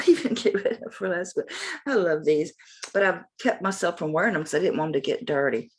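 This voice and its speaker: Low-voiced Southern woman selling jewelry. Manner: folksy, chatty, rambling. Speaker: jewelry seller. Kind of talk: casual sales vlog. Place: home, morning light.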